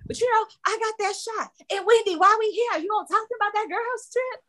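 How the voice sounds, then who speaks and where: A woman's voice: very high voice, fairly quick, hardly any pauses. A woman co-hosting a casual podcast, recapping a reality show in a blunt, sassy, profane way. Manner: sassy, blunt, profane, animated retelling with laughter. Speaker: podcast co-host.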